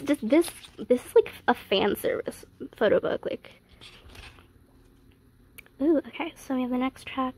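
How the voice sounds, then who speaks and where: A woman chatting casually while unboxing a haul, gasping and squealing with fan excitement and sometimes dropping to a whisper. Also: sits high, normal speed, long pauses, rough recording. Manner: gasps and squeals often, gushing fan excitement; drops to a whisper at times.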